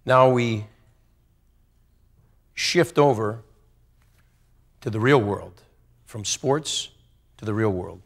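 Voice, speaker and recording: An older man giving a motivational speech to a football team, telling stories in low confiding tones that swing into loud rallying bursts. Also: animated, slow pace, vocal fry, pauses often. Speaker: motivational speaker.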